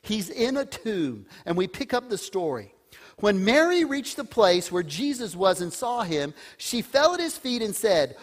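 A woman preaching a sermon, telling a scripture story with animated delivery and dropping to a hushed voice for solemn verses. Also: medium pitch, unhurried.

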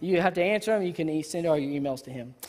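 A woman preacher giving a sermon in a church, animated and conversational, with jokes. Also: low-pitched, quick pace. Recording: reverberant hall.

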